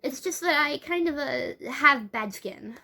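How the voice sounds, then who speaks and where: A woman voicing a shy, hopeful teenage girl in a book reading, raising her voice higher and speaking earnestly and hesitantly. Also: expressive, measured pace, creaky, pushed and bright, full character voice.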